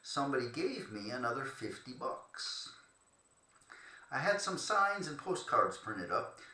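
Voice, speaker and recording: A man's voice: mid-range voice, sing-song, unhurried, pushed and bright, echoey room, poor audio. A man reading his memoir aloud in a loose, chatty way, stopping to joke and fumble between passages. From Cleveland, Ohio. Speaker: termite treatment contractor telling his story.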